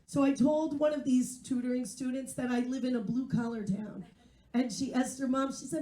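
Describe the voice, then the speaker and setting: High, dark-toned woman doing stand-up. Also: steady tone, normal speed, reverberant. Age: 40s. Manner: wry, self-mocking, chatty with the crowd. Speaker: stand-up comedian and English teacher. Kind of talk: stand-up comedy set. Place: live comedy venue.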